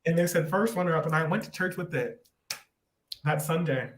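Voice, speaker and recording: A man as a podcast guest, telling a personal story in a rambling, animated way with many restarts. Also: fairly high pitch, a little fast. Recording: roomy echo.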